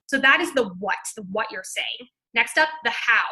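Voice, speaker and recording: Brief: high, very bright woman coach, loud and fast at a live seminar, near yell-talking. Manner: energetic, loud and quick, near yelling. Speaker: life coach.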